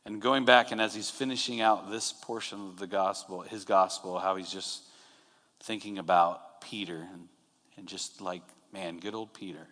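A man preaching a sermon in a relaxed, conversational way, retelling scenes and acting out quotes. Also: sits low, normal speed. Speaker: pastor. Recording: long hall reverb.

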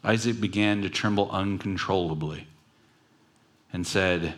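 A man's voice: lowish voice, unhurried, fairly bright tone. A man preaching a sermon in a casual storytelling style, with joking asides. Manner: conversational, jokey asides.

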